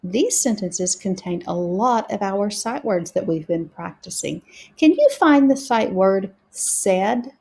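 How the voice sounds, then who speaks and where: A woman teaching a reading lesson to young learners, sounding out words slowly and carefully. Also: mid-range voice, animated, creaky, dark tone, slightly rough.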